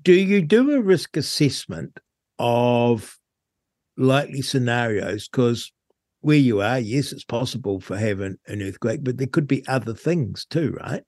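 A New Zealand man hosting a talk radio interview, asking lively, chatty questions. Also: medium pitch, a little slow, no echo, studio quality. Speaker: radio host.

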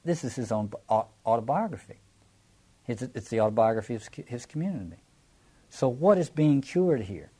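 A man's voice: mid-range voice, expressive, normal speed, dark tone, husky. A man teaching a Bible passage in a reflective lecture, often restarting phrases and repeating words as he explains.

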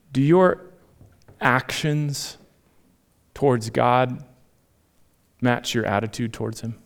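A man, preaching a sermon as pastor, animated in his storytelling and dropping to near whispers for emphasis. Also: medium pitch.

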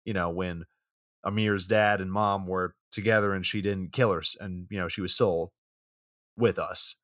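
A man co-hosting a casual movie podcast, relaxed, recapping scenes with many filler words. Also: deep voice, moderate pace, no echo, clean studio sound. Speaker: podcast co-host. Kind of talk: casual movie review chat.

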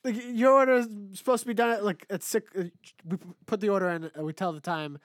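High-voiced profane New man. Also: lively intonation, quick pace, dry recording, clean studio sound. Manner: profane, ranting, laughs often. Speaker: podcast co-host. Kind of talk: casual chat.

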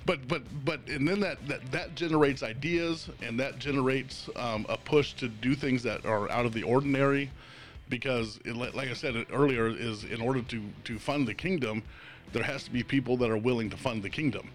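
A man's voice: medium pitch, moderate pace. A man hosting a casual podcast chat, thoughtful, repeating words as he works out his point.

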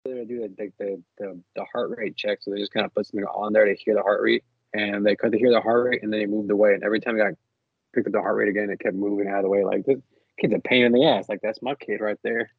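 A young man with a lowish voice chats loosely on a podcast, rambling and laughing. His voice comes through a slightly dull mic in a dry, dead room. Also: level tone, racing, creaky, slightly rough, dry recording. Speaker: podcast co-host. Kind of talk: casual chat.

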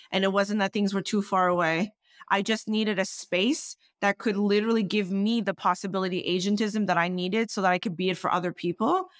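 A woman's voice: mid-range voice, a bit bright, dry recording, clean studio sound. A woman, a podcast guest talking passionately and emphatically, swearing freely. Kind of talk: candid conversational interview.

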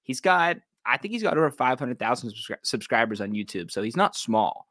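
A man's voice: medium pitch, sing-song, a little fast, a bit bright, no echo, studio quality. Easygoing male podcast guest. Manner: easygoing, laughing anecdotes. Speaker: guest, sports content creator. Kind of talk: casual podcast chat.

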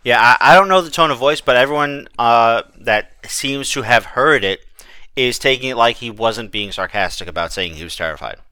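Bright, clear-voiced man chatting. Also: mid-range voice, expressive, moderate pace, no room sound. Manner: chatty, restarts and fillers. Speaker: podcast host. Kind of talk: casual chat.

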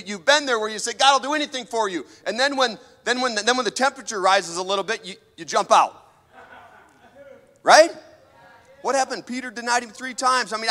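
A man's voice: very high voice, pushed and bright, in a large hall. A man preaching a sermon, emphatic and full of questions put to the audience.

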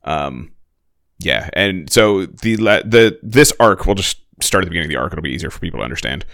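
Man, deep low voice, dry recording, casual show recap, laughs a lot. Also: fairly quick, creaky, no echo. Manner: animated, laughs often, acts out lines. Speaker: podcast co-host.

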